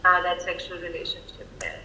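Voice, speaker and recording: A woman clinical psychologist speaking over a video call, thoughtful and measured, with frequent fillers. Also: on the low side, sing-song, pushed and bright, echoey room, a little hiss or hum, low-quality recording. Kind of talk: professional video-call interview.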